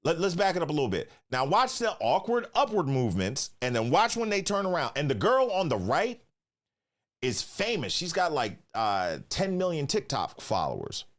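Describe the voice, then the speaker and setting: A man hosting his channel, talking through video clips in loose, excitable commentary full of swearing and questions to the viewers. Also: a little high, moderate pace. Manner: excitable, profane, keeps asking viewers to remember. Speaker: channel host reacting to clips.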